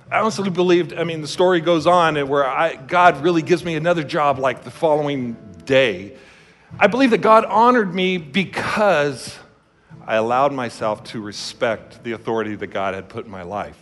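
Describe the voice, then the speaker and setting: A male pastor preaches in an emphatic, storytelling manner, his voice sitting a little high. His words ring out with a long reverb in a church hall, with faint music in the background. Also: expressive, moderate pace, fairly bright tone. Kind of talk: sermon.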